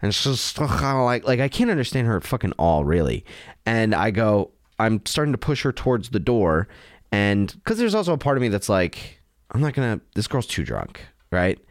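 A man, a comedian, telling a rambling, animated story full of restarts and fillers. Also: fairly low pitch, moderate pace, dry recording, studio quality. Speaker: comedian guest.

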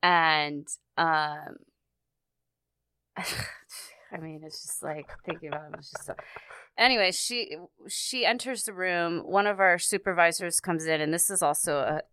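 A woman with a low, smooth voice tells a story in relaxed conversation. She stops and restarts often and fills her pauses with "like" and "um". The sound is close and dry, with no room around it. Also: no room sound. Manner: halting, many fillers and restarts. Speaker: guest recounting a personal story.

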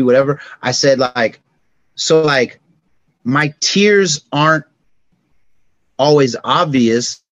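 A middle-aged man talking as a podcast guest, with an everyday mid-range pitch. He tells stories in an animated way and jumps into sound effects and quoted voices. The sound is dry and close, with no room around it. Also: no echo, dull audio. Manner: animated, acts out sounds and dialogue. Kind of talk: casual storytelling conversation.

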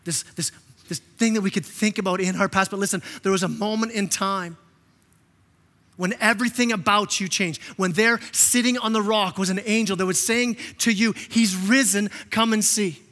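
A man preaching a sermon as pastor, impassioned, often repeating words and acting out quotes in a softer voice. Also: sits high, fairly even intonation, moderate pace. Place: church sanctuary. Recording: long reverb of a church hall.

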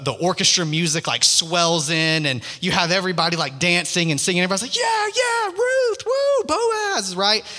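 A male preacher gives an energetic, casual sermon in a high, lively voice that rises and falls widely. His tone is bright and forceful. A long reverb hangs in the hall around him. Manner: animated, storytelling, casual slang.

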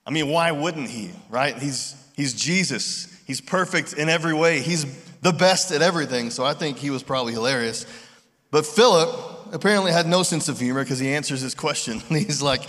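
A man preaching a sermon in a relaxed, conversational way, acting out voices in his retellings. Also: a little high, a little fast. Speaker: pastor. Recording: long reverb of a large hall.

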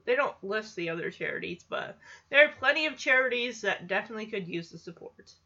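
A woman's voice: on the high side, animated, brisk, pushed and bright, highs cut off. A woman recapping a show in casual chat, chatty and giggly, animating her retelling.

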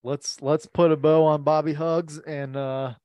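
A man's voice: fairly high pitch, little pitch movement, dark tone, no echo, clean studio sound. A man co-hosting a casual sports podcast. He laughs often and restarts his sentences. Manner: laughs easily, halting restarts. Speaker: podcast co-host.

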